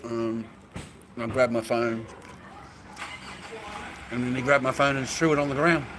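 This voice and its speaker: Standing by a food stall with his phone camera, an Australian bloke rambles and swears casually for his street vlog. He speaks a little slowly in a steady, medium-pitched voice, and the background is noisy.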